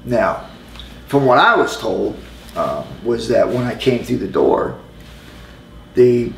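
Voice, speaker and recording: A man's voice: mid-range voice, sing-song, slow pace, creaky. A former pro wrestler, a man, telling a rambling story in a casual interview, with many restarts and fillers. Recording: echoey room with faint noise.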